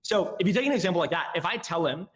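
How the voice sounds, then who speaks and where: A young man, a guest on a casual podcast, explains sales tactics in a lively way and acts out both sides of a call. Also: sits high. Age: young adult. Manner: rapid, animated explaining, acting out both sides of calls.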